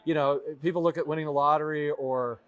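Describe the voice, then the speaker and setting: A middle-aged man being interviewed at a conference, speaking in a thoughtful, halting way with many restarts. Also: fairly high pitch, fairly even intonation, fairly bright tone, clean tone, dull audio. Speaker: award-winning guest. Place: conference venue.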